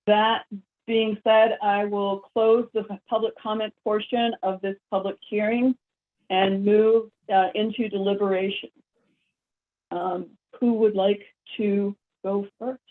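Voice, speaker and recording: Woman, commission chair, halting speech with restarts, tinny phone-like sound. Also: mid-range voice, level tone. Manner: halting, many restarts and fillers. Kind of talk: chairing a public meeting.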